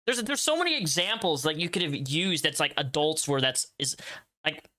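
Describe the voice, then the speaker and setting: A man hosting a casual interview, incredulous and animated, often laughing as he questions his guest. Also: fairly high pitch, normal speed. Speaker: interviewer, channel host.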